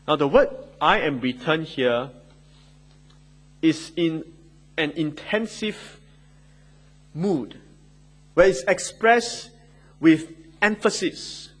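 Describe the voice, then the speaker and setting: A man delivering a sermon with a somewhat husky, slightly high voice. He leans hard on key words for emphasis and drops into easy conversational asides. Expressive and earnest throughout. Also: poor audio. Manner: emphatic, rising and falling between quotes and asides. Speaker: preacher.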